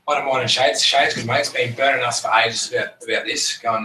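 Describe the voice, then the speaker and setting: Bright, blunt man, far off. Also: medium pitch, fairly even intonation, fairly quick, slight background noise. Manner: blunt, profane, acts out dialogue. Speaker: team member sharing a story. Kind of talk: casual storytelling. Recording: distant roomy recording with faint ambience.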